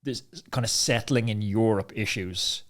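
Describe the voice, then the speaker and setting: A man hosting a podcast, trading stories in a chatty, enthusiastic way with quick asides. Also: fairly low pitch. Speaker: podcast host, former racer. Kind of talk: casual chat.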